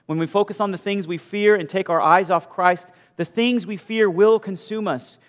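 A male pastor preaching a sermon with animated storytelling, moving from loud bursts to hushed asides. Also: high voice, moderate pace. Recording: long hall reverb.

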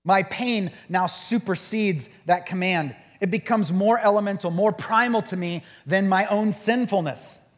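A man's voice: sits high, a little slow. Man preaching in a reverberant hall. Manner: animated, acts out quoted voices. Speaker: pastor. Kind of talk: sermon with group discussion.

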